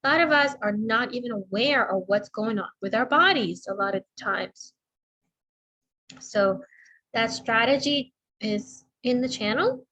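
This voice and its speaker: A middle-aged woman speech therapist giving a slow, deliberate instructional talk, demonstrating intonation as she explains. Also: fairly high pitch, bright, forceful tone, rough recording.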